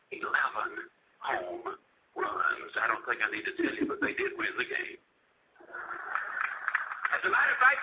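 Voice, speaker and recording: A man giving a motivational speech as an animated, dramatic storyteller. The recording is dull and lo-fi with a faint hiss. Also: sits high. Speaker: motivational speaker.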